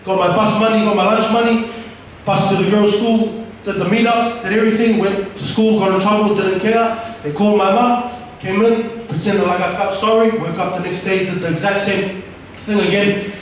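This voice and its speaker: Young man with a high, echoey voice. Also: fairly even intonation, normal speed, a little hiss or hum. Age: young adult. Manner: earnest and candid, with frequent restarts. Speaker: speaker giving a personal testimony. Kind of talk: personal testimony told to an audience. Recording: echoey room, from far off the mic.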